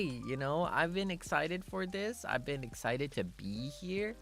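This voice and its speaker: A man's voice: a little high, lively intonation, measured pace, few pauses, fairly bright tone. A man chatting casually on a livestream, playful and rambling, full of teasing asides. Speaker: streamer.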